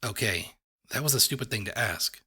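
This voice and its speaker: A man narrating a first-person fan-fiction story in a steady, dry storytelling manner. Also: on the low side, normal speed, slightly rough. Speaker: audiobook reader.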